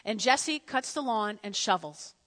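A woman preaching a sermon in a church, animated and repetitive, calling on the congregation to respond. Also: fairly high pitch, measured pace, big-room sound. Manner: animated, repeats phrases, asks the congregation to respond. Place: church sanctuary.

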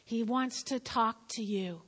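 A woman pastor delivers an animated sermon, hammering home her points by repeating them. Her voice sits high and rings bright. A long reverb from a church hall trails behind every phrase. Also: takes it slowly. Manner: emphatic and repetitive, addressing the congregation directly; animated, with sudden swings between loud and quiet.

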